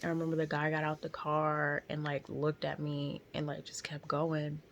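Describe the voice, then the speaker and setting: A young woman vlogging from her car, telling a story in a blunt, profane, animated way. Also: low-pitched, moderate pace, a little hiss or hum. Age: young adult. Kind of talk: casual storytelling.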